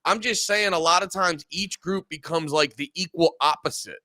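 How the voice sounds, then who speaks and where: Rambling, bright-voiced man, profane. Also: a little high, normal speed, dry recording. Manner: rambling, profane, acts out quotes. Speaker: podcast host. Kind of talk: casual podcast chat.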